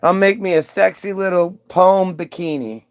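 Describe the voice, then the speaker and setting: A man's voice: high voice, normal speed, clear, resonant tone, dry recording. A man voicing a dim, childlike cavewoman version of Eve who speaks in broken baby-talk English. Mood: shocked.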